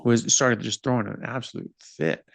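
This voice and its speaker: A man's voice: mid-range voice, expressive, normal speed, vocal fry, no room sound. A man hosting a podcast interview and explaining his points earnestly and with emphasis over a video call. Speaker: podcast host. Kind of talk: conversational interview.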